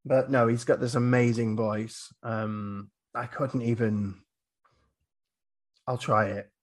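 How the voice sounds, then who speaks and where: A man's voice: mid-range voice, flat delivery, takes it slowly. A male podcast host recapping a film in casual chat, rambling with fillers and acting out quotes.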